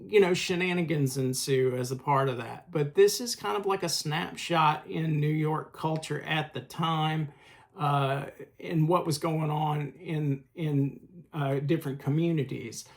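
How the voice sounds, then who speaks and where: His voice sits on the high side with vocal fry as he casually reviews films on his channel, pausing often with fillers and speaking with the excitement of a collector.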